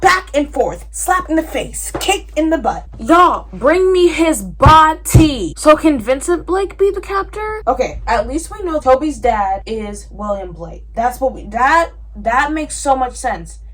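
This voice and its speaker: Woman, high voice, book vlogger, ranting, exasperated, loud then weary. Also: sing-song, unhurried, few pauses. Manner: swings between loud outbursts and tired mumbling. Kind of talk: casual reading vlog reaction.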